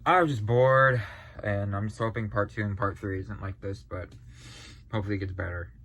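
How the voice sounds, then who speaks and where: A man's voice: fairly low pitch, steady tone, a little fast, a bit bright, dry recording. A man hosting a reaction video, sounding tired and yawning, talking hesitantly with sighs and trailing sentences. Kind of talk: casual reaction commentary.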